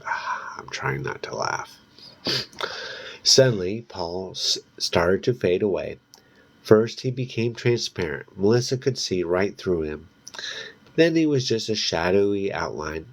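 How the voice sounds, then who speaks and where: A man's voice: deep voice, very animated, a little slow, darkish tone. A man reading a novel aloud, with casual, amused asides between passages. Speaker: book reader.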